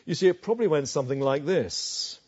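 A male preacher giving an emphatic sermon, swinging from loud declarations to hushed asides. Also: on the high side, animated, brisk, slightly rough, lo-fi sound.

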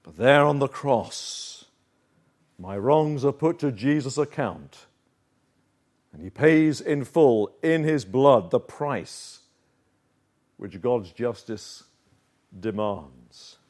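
A man preaching a sermon, earnest and emphatic, slowing down to stress key phrases. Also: medium pitch, animated, a little mellow.

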